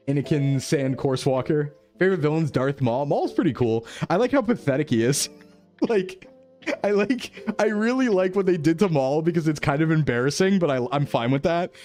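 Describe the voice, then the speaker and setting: Chatty rambling male streamer, slightly high. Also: expressive, normal speed, darkish tone, soft background music. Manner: rambling and enthusiastic, with frequent fillers and laughs. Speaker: VTuber streamer. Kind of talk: casual live-stream chat, answering chat messages.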